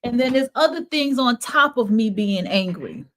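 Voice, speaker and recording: Venting on her podcast, this woman in her thirties delivers an emphatic, blunt monologue full of profanity. She speaks at a normal speed in an animated voice that sits on the high side.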